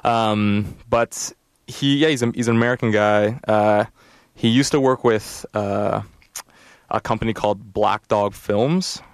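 A man's voice: on the low side, steady tone, a little slow, clean tone, no room sound. A man co-hosting a college radio music show, chatting casually in a rambling, hesitant way with many fillers.

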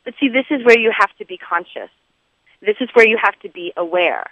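A woman's voice: mid-range voice, animated, fairly quick, no echo, lo-fi sound. A woman author speaking as an interview guest, talking from outdoors over the phone in a chatty, rambling way with many fillers.

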